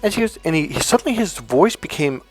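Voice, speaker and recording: A man's voice: on the high side, sing-song, quick pace, soft background music. A man giving a casual, blunt lecture as a dating coach, swearing freely and telling anecdotes. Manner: blunt, profane, emphatic.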